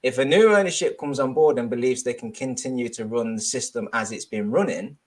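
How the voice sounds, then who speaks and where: A man's voice: mid-range voice, fairly quick. A man on a casual discussion panel who talks thoughtfully and reaches for folksy sayings. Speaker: panel guest.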